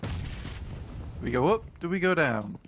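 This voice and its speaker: A man giving color commentary on an esports match, with slow, joking analysis. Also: on the high side, sing-song, a bit bright. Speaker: esports co-caster. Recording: faint game noise behind.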